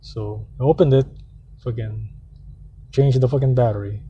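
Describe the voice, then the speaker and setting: A man's voice: mid-range voice, steady tone, moderate pace, muffled recording, a little hiss or hum. Heated, profane man ranting from a car. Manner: profane, rambling, heated storytelling. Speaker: vlogger. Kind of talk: casual ranting monologue. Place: parked car.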